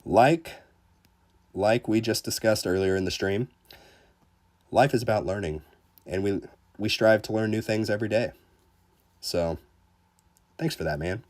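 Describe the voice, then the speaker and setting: Laid-back, low-voiced male game streamer. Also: measured pace, long pauses, a little mellow. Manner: laid-back, chatty, joking, with frequent restarts. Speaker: gaming livestreamer. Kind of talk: casual livestream chat, reading viewer comments aloud.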